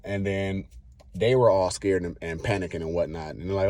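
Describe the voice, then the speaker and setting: Low-voiced man rambling through a story. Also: moderate pace, dry recording. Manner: rambling, acts out his own past lines; relaxed slangy talk. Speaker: vlogger. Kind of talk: casual personal storytelling.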